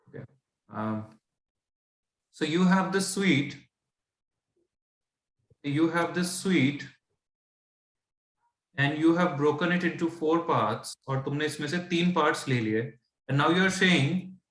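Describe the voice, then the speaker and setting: A man's voice: fairly high pitch, a bit bright. Patient Indian tutor man, echoey room. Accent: Indian English. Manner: patient, asks checking questions, mixes English and Hindi. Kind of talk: explaining fractions.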